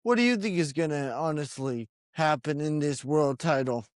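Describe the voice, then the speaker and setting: A man co-hosting a casual podcast, talking haltingly with lots of pauses and restarts. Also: a little high, dry recording, clean studio sound. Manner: hesitant, many fillers and restarts. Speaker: podcast co-host. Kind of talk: casual chat about wrestling predictions.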